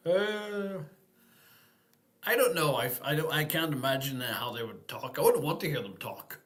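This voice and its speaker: A man's voice: on the high side, lively intonation, moderate pace, a bit bright, soft background music. Easygoing man hosting a live stream. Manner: easygoing, rambling, thinks aloud with fillers. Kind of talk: casual live-stream Q&A chat.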